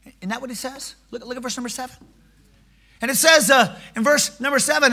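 A male preacher delivers a sermon in an animated, self-mocking storytelling style. His voice sits very high and sounds very bright and sharp. He moves quickly through his stories and laughs at himself along the way.

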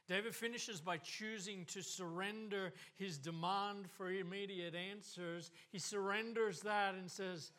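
A man delivering a sermon in a bright, ringing voice, pitched a little high. He preaches unhurriedly and with passion, letting his voice swell and drop as he goes. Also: steady tone, measured pace, hardly any pauses. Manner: impassioned preaching, voice rising and falling. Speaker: pastor.

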